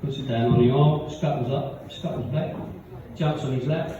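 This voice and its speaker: A man's voice: medium pitch, normal speed, background noise. A man telling rambling stand-up jokes at a pub gig, laughing at his own punchlines. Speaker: stand-up comedian. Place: pub function room with live audience. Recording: echoey, distant, dull audience recording.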